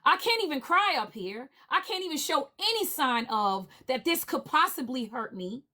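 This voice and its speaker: A livestream panelist rants heatedly in a high, sing-song voice at normal speed. She keeps repeating the same demands with forceful indignation.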